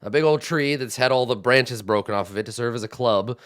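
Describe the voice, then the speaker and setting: A man narrating a tabletop game as game master, unhurried and searching for words as he describes. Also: medium pitch, fairly bright tone. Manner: unhurried, with many fillers and restarts while describing.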